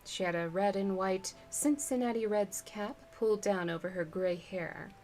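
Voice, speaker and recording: A woman streamer reading a book aloud live, with chatty, relaxed asides to her viewers. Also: mid-range voice, moderate pace, a little hiss or hum.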